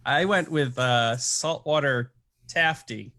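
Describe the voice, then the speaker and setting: A man's voice: mid-range voice, slow, pushed and bright. A man on a comedy game panel, answering in an easygoing, casual way.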